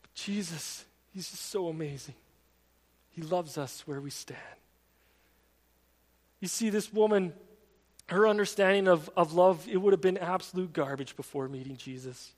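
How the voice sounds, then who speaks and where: A man's voice: high-pitched, moderate pace, pauses often. A pastor, a man, preaching a sermon in a conversational, earnest storytelling manner in a church sanctuary. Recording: long reverb of a large hall.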